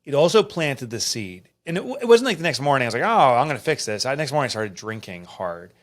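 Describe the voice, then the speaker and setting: A middle-aged man, an author and podcast guest, telling a personal story in an earnest, emotional and animated way. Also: mid-range voice, quick pace. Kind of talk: candid storytelling interview.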